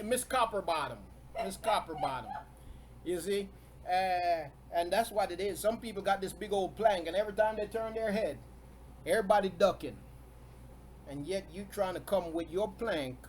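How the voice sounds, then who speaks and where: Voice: medium pitch, a little mellow, a little hiss or hum. A preacher giving a sermon, stressing points by repeating key words and often chuckling between them.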